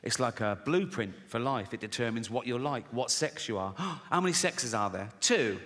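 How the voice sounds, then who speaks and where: A man's voice: mid-range voice, animated, normal speed, a bit bright. A middle-aged man doing a stand-up comedy set, sardonic and sweary, laughing at his own jokes. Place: large theatre stage. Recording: live hall reverb, faint noise.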